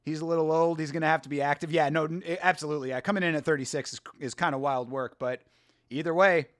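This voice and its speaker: A man in his thirties hosting a casual watch-along, excitable, slangy and laughing often. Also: fairly high pitch, fast. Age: 30s. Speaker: host.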